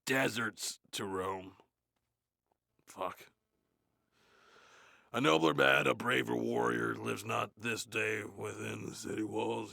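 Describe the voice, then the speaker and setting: Nathan Explosion, a gravelly metal growl. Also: male voice, lowish voice, sharp tone, no room sound, heavily acted. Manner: bored, crude, swearing, mumbling asides. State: sore throat. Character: gruff, grumbling male death metal frontman. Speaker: reader of a play. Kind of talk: comedic in-character reading.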